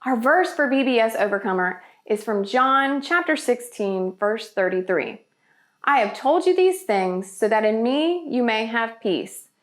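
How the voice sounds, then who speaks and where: A woman's voice: a little high, animated, measured pace. A woman hosting a children's church video, talking in an upbeat, enthusiastic way. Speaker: children's ministry host.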